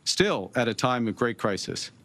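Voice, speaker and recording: A middle-aged man from Canada answering reporters' questions at a press conference, measured and halting, with many pauses and fillers. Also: mid-range voice, very animated, fairly bright tone, slight background noise. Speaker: prime minister at a press conference.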